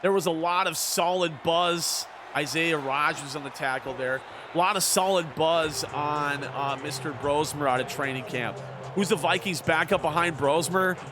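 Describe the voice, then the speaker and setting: A man streaming a video game and commentating it like a sports broadcaster, sometimes in a slow announcer voice and sometimes as casual chat, repeating phrases for emphasis. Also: a little high, noisy background. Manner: switches between a slow, drawn-out announcer voice and quick casual chat. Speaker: gaming streamer.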